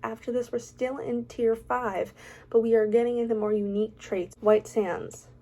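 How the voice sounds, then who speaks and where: A woman's voice: fairly high pitch, little pitch movement, normal speed, dark tone. A young woman vlogging casually, reading out facts and adding chatty, opinionated, self-mocking asides. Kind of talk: casual ranking vlog, reading facts aloud.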